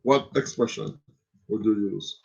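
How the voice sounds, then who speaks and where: A man's voice: fairly low pitch, unhurried, vocal fry, slightly rough. A man with a Jamaican accent hosting a live quiz stream, joking and reading viewer comments aloud. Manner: animated, joking, reads chat comments aloud. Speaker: quiz host. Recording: lo-fi stream audio.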